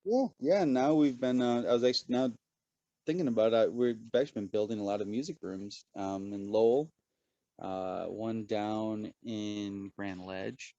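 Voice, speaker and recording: A man as a podcast guest, a lively storyteller who swears casually in relaxed chat. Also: on the low side, normal speed, no room sound, dull audio.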